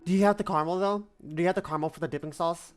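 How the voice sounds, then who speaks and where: A woman's voice: on the low side, very fast, soft background music. A woman in her twenties streaming a game, chatting casually, rambling and playfully repeating herself. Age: 20s. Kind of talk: casual let's-play chat.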